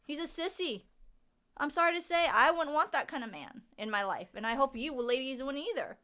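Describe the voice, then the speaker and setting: A woman's voice: sits high, expressive, fairly quick, pushed and bright, clean tone. A woman co-hosting a podcast with her husband, giving blunt, opinionated views in a conversational way. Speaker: podcast co-host. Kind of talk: casual podcast chat.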